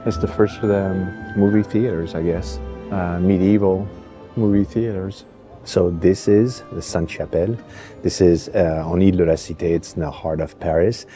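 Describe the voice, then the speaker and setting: A man's voice: low-pitched, fairly even intonation, normal speed, music in the background. A man co-hosting a travel vlog, describing the places he visits with easy enthusiasm and frequent "uh"s. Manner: enthusiastic, awed, with fillers. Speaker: travel vlogger. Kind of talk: casual travel vlog commentary.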